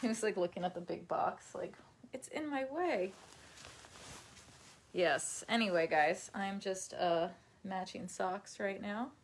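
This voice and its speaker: A woman's voice: medium pitch, fairly even intonation, unhurried, creaky, a little hiss or hum. A woman chatting casually on a live stream at home, rambling from topic to topic, laughing often and talking to her dog. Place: at home while folding laundry.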